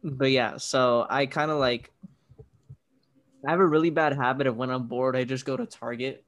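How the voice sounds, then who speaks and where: A man's voice: mid-range voice, fairly even intonation, normal speed, a bit bright. A young man co-hosting a podcast in rambling, joking casual chat. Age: young adult. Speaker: podcast co-host.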